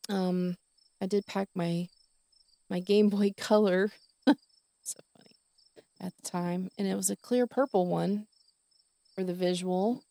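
A woman's voice: lowish voice, warm tone, no room sound. A middle-aged woman telling a personal story on a podcast, rambling with many fillers and restarts. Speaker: podcast host.

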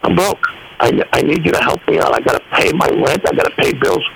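An older man with a high, gravelly voice that swings widely as he spins stories for a radio interview. He acts out every bit of dialogue with animated energy. A faint hiss sits under the recording. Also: a little fast, rough recording. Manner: animated storyteller acting out dialogue. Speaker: guest singer.

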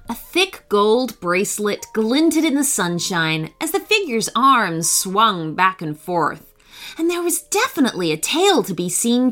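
A woman host narrating a children's story in an animated storyteller manner. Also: medium pitch. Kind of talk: scripted narration.

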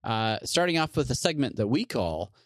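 A man's voice: mid-range voice, sing-song, normal speed, fairly bright tone, no echo, studio quality. A man co-hosting a podcast, chatting casually with a laid-back, joking manner and many fillers. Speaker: podcast co-host.

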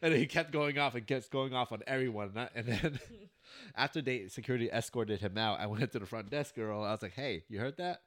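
A young man hosting a casual chat podcast, telling an animated story and laughing often. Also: medium pitch, fairly quick. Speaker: podcast host. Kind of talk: casual chat among friends.

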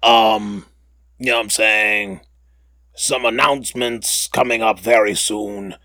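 A man with a somewhat low voice hosts a casual podcast, drawling along at an unhurried pace. He rambles and jokes, catching and correcting himself as he goes. The sound is close and dry. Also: steady tone, sharp tone, no room sound. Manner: rambling and joking, with many fillers and self-corrections. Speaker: podcast host.

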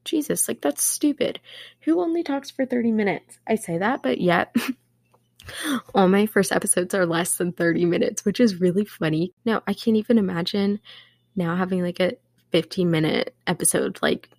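A woman's voice: mid-range voice, moderate pace, vocal fry, darkish tone, no room sound, clean studio sound. A young woman hosting her own podcast, chatting casually in a sarcastic, swear-laced way. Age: young adult. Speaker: podcast host. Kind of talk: casual solo podcast chat.

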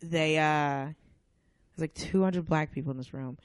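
A woman guest on a podcast, chatting casually and acting out the people in her stories in loud, lively voices. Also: low-pitched, unhurried, no echo, clean studio sound. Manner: animated storyteller, acts out quotes loudly. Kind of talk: casual chat.

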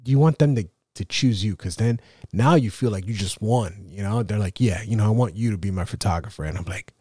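Mellow low-voiced man rambling casually. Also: a little fast, a little hiss or hum. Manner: rambling, self-deprecating, with frequent fillers and restarts. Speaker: podcast host and photographer. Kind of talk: casual solo podcast monologue.

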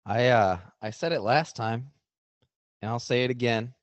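A man's voice: mid-range voice, moderate pace, no echo. A young man co-hosting a casual podcast, teasing his friends and laughing between wrestling predictions. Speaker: podcast co-host. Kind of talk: casual chat.

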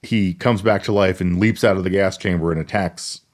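Low-voiced man narrating movie plot. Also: steady tone, brisk. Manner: easygoing plot narration with fillers. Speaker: podcast co-host. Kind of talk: casual movie recap chat.

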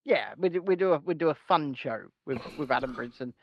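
Excitable high-voiced man co-hosting. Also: fairly quick, no room sound, muffled recording. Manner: swearing, jokey, excitable. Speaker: podcast co-host. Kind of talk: casual banter. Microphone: home podcast mic with noise gate.

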